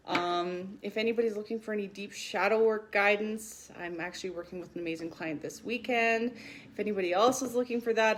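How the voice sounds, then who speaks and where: On a live stream, a Canadian woman in her thirties who works as a spiritual coach chats in a casual, upbeat way and reads viewer comments out loud. Her voice is medium in pitch, and she sounds slightly out of breath.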